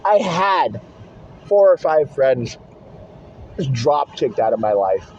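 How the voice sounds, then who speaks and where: In this one, the car vlogger's voice sits at medium pitch, slightly mellow, slow yet very animated. He rambles bluntly with constant swearing, recorded on a phone in a car holder with dull lo-fi sound and a little hiss or hum.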